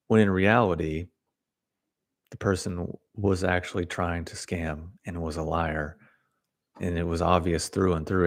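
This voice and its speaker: Low gravelly man ranting casually. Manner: candid, ranting, acts out quoted people. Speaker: video creator. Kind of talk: casual monologue.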